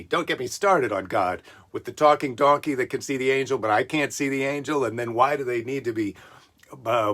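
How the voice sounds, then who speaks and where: A man's voice: mid-range voice, a bit bright. A man reading a Bible story aloud and breaking off into wry, joking asides as a comedy podcast host. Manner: wry, joking asides between read passages.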